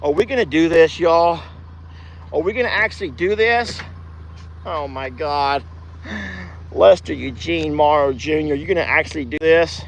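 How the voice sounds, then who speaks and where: A man's voice: on the high side, moderate pace, creaky, pauses often, slight background noise, poor audio. A man chatting folksily as host of a farm livestream, outdoors. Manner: folksy, chatty, calls loudly to his deaf dog. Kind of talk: casual livestream chat.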